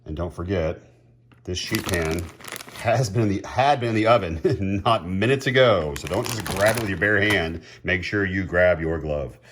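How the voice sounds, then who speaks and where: A middle-aged man chatting casually as he cooks at home, laughing often and getting excited. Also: sits low, normal speed, noisy background. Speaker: home cook. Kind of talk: casual cooking vlog.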